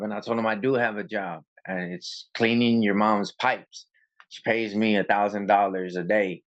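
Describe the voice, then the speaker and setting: The guest, a man who does copwatching, tells an interview story in a relaxed, lively manner and performs both sides of an argument. His voice is fairly low, and the audio comes across dull.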